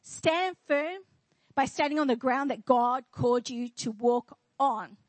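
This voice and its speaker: A woman's voice: high-pitched, measured pace, dry recording, low-quality recording. A woman pastor preaching a sermon in church, declaring and asking the congregation questions.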